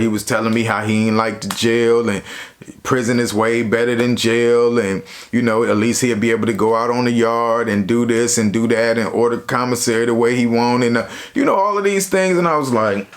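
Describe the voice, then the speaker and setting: A young man casually telling a story from his own life to his viewers, in a slangy, relaxed way. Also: medium pitch, fairly quick. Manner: slangy, relaxed, lots of "you know". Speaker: YouTuber.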